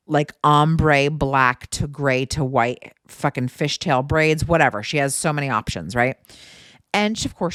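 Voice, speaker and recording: A woman hosting her own podcast, telling a story in a casual, animated way, cursing freely and often breaking into laughter. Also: deep voice, no echo, studio quality. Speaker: podcast host.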